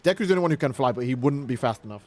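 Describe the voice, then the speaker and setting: A young man in casual livestream commentary, talking in an excitable, profane, rambling way. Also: medium pitch, racing. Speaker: streamer.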